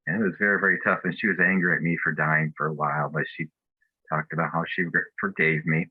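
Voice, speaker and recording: A man's voice: sits low, no room sound, narrow, tinny audio. A man giving a personal testimony at a spiritual fellowship, telling his story in an earnest, reflective way.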